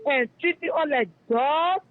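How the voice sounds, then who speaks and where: Calling in to a radio show over a tinny phone line, a man with a Liberian English accent and an unusually high voice for a man delivers a heated, unhurried rant. He fiercely denounces his targets, hammering the same accusations over and over.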